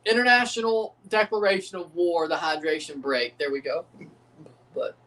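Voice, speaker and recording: A young man hosting a live football watchalong, calling goals with excitement and dropping into low mumbled asides between plays. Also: normal speed. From United States. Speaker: livestream watchalong host. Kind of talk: live football reaction commentary.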